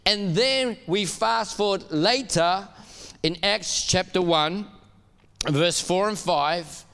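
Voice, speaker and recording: A man preaching a sermon in a church, animated and laughing as he urges the congregation to call back to him. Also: high-pitched, slow pace, vocal fry, smooth, long reverb tail. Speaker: pastor.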